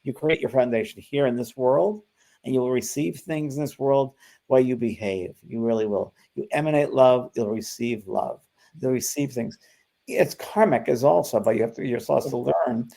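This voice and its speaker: Gravelly low-toned man telling a story. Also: normal speed, dark tone. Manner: storytelling with many restarts and fillers. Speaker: spiritual medium, co-host. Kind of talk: casual spiritual conversation.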